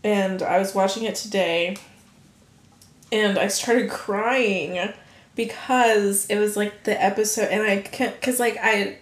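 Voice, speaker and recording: A young woman co-hosting a podcast in casual chat, animated, laughing often and swearing freely. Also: medium pitch, takes it slowly. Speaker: podcast co-host. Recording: echoey room.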